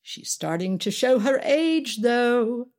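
A woman's voice: on the high side, expressive, slow pace, darkish tone, voice pushed up. A woman voicing an older male stage actor, a sardonic veteran who gossips and mocks in a storybook reading. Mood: mocking. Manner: mocking, gossipy.

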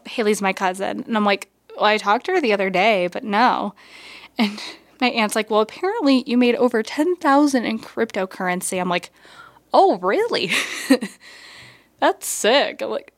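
A young woman talks casually as the host of a college radio show. She rambles in a chatty way and leans on lots of fillers. Her pitch sits in a typical middle range for a woman. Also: a bit bright. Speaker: podcast host. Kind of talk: casual chat.

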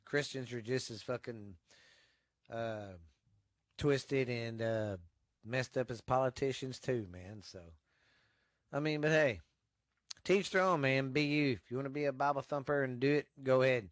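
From a home desk setup, a podcast host with a Texan accent rambles bluntly through the news, swearing constantly. His mid-range voice moves at a measured pace with frequent pauses, in clean studio quality with no echo.

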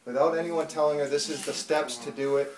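A man preaching a personal testimony in an echoing church hall, his voice pitched a touch high and caught from some distance. He tells the story with animation, going from hushed asides to loud bursts. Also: fairly even intonation, a little fast. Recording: echoey room, mic far off.

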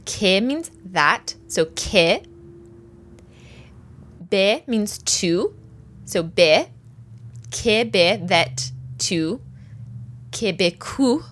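A woman teaching a language lesson, patiently breaking phrases down and repeating each word slowly for learners. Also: medium pitch, a bit bright.

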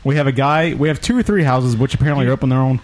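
A man's voice: medium pitch, racing. A man hosting a podcast, teasing his co-hosts in sarcastic, mock-serious banter. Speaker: podcast host. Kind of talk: casual banter.

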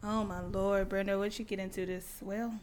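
A woman's voice: mid-range voice, little pitch movement, moderate pace, a loud crowd. A woman co-hosting a podcast in casual chat, playful and sassy, with slangy jokes. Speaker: podcast co-host.

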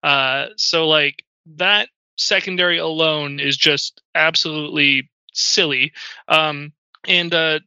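A man's voice: fairly high pitch, steady tone, slow pace, pushed and bright, clear, resonant tone, dry recording. A man as a podcast guest in casual chat, rambling with lots of ums and uhs. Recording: dull lo-fi audio.

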